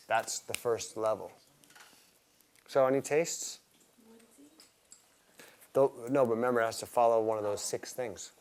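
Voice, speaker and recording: Male herbalism teacher, mid-pitched, casual and enthusiastic, quizzing a live class. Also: a little mellow. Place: classroom with students.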